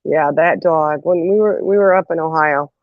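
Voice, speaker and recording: A woman's voice: low-pitched, moderate pace, no room sound. A woman in a casual chat telling a funny family story, laughing and acting out quotes. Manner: animated, laughs often, acts out quotes. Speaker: host. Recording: dull lo-fi audio.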